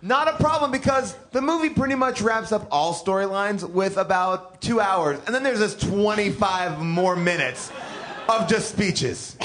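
A man co-hosting a podcast, loud and joking, riffing on a movie with friends. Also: high-pitched, unhurried, a little hiss or hum. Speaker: podcast co-host. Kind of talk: casual comedic movie discussion.

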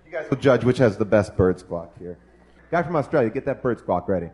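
A man's voice: fairly low pitch, animated, fairly quick, darkish tone. A man hosting a live comedy movie review show, joking with the audience and laughing often.

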